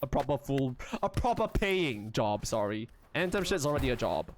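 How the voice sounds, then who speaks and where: A young man livestreaming in a casual, rambling chat, excitable, often laughing and squealing, with lots of restarts. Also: mid-range voice, fairly quick, a little hiss or hum. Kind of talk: casual live-stream chat.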